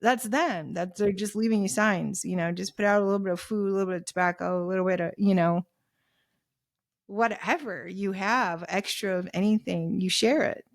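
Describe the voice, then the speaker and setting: A woman's voice: mid-range voice, normal speed, gravelly, no room sound, clean studio sound. A woman guest on a podcast, telling stories in a chatty way, full of "you know"s and retold dialogue, and laughing often as she talks. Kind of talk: casual storytelling in a podcast interview.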